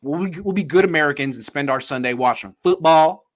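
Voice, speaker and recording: A man's voice: a little high, fairly quick. A man hosting a casual sports podcast, talking in an emphatic, jokey way and repeating himself for effect. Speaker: podcast host.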